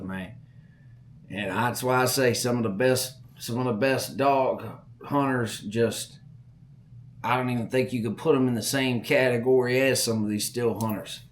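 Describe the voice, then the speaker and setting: A man's voice: mid-range voice, a little hiss or hum. Folksy Southern-accented man telling stories. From Southern Virginia. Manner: folksy, animated, repeats words while telling a story. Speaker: podcast host. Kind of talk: casual storytelling.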